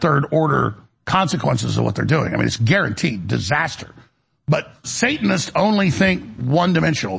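A male show host rants into the studio mic with a heavily gravelly, husky voice. He rambles in an agitated way, repeats himself and restarts sentences over and over. His voice sits a little above the usual male pitch. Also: fairly bright tone. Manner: agitated, repetitive, with many restarts. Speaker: radio and web show host. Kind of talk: rambling broadcast monologue. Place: broadcast studio.

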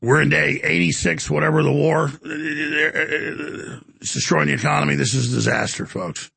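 A man hosting a talk radio show, taking callers in a forceful, exasperated way. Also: on the high side, steady tone, moderate pace, gravelly, breathy edge, no room sound. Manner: forceful, exasperated, and prone to dramatic recitation.

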